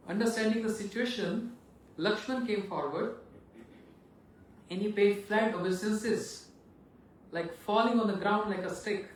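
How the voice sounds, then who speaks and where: A male monk animatedly telling a devotional story, acting out the scenes. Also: high voice. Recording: echoey room, far from mic, faint noise.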